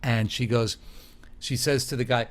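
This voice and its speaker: A man in casual conversation on a podcast, telling lively stories and acting out the people in them. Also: mid-range voice, moderate pace. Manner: animated storyteller who acts out quoted voices. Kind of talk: casual chat.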